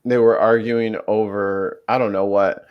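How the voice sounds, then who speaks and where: A man's voice: on the low side, little pitch movement, a little slow, clean tone, muffled recording. A man in a casual chat, cracking sarcastic jokes and swearing through reenacted arguments.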